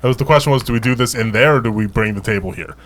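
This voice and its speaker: A man's voice: mid-range voice, racing, fairly bright tone. A man playing a tabletop game, talking in an eager, casual way. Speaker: player. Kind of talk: casual chat.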